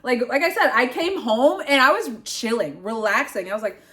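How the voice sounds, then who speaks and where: A young woman telling a casual storytime vlog, animated and swearing, acting out what others said. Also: fairly high pitch, moderate pace. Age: young adult. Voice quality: expressive, swearing, acts out voices of others. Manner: animated retelling, swings between loud and hushed. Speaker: vlogger, grad student.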